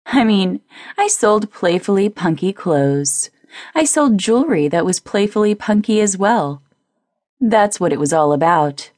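Lively woman audiobook narrator. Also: mid-range voice, dry recording, clean studio sound. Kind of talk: scripted first-person narration.

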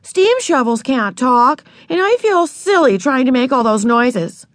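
A prim, put-upon big sister of about nine with a raised, expressive storybook voice, as a woman narrator plays her. She sounds worn out and cross, and the close, dry sound has no echo. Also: sits high, a little fast, pitched above the performer's own voice. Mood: exasperated. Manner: exasperated, prim.

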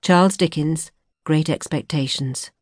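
A woman narrating a novel in a measured, expressive audiobook reading. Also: deep voice, dry recording. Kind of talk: scripted narration. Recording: dry studio recording.

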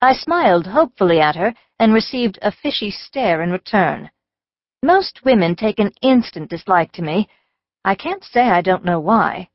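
A woman's voice: medium pitch, dry recording. A woman narrating an audiobook in the first person, with a wry, dry-humored delivery. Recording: slightly dull dry studio audio.

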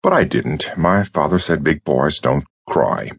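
Vague young agent, slightly raised voice, husky and dry, narrator doing him. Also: male voice, a bass voice, expressive, measured pace, no room sound, pitched below the performer's own voice, exaggerated voice. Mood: reminiscing. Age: 20s. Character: young male FBI agent, vague and easygoing.

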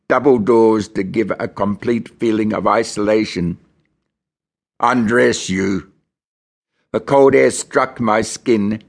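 A man from Australia reads a novel aloud in the first person, measured and grim. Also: fairly low pitch. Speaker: audiobook narrator.

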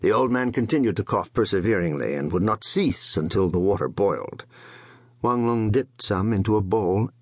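A man narrating an unabridged classic novel as an audiobook, in measured, expressive storytelling. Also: lowish voice, no room sound, studio quality.

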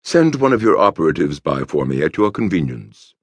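A man voicing a tall, hooded male cult leader who speaks slowly in calm, stentorian tones. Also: rumbling low, husky, no echo, exaggerated voice. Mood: serene.

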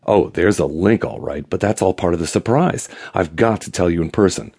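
A male audiobook narrator voicing an excitable, gossipy man with a twittering, breathless way of talking that swings from coy to sharp. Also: deep voice, normal speed, slightly rough. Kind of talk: audiobook character voice.

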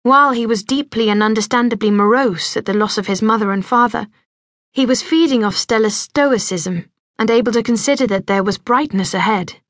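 Woman narrator, audiobook reading, gentle measured delivery, somewhat high voice, dry close sound. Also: no echo. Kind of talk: scripted narration.

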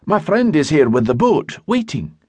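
A male narrator voicing a charming young Highland womanizer in an audiobook. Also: big pitch swings, moderate pace, warm tone, no room sound. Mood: hurried. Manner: coaxing, smooth-talking.

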